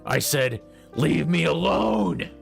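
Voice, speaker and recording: A man's voice: mid-range voice, vocal fry, a bit bright, soft background music, voice pushed up. A man doing a sullen angry hedgehog. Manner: sullen, slow and sneering. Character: brooding angry teenage male hedgehog.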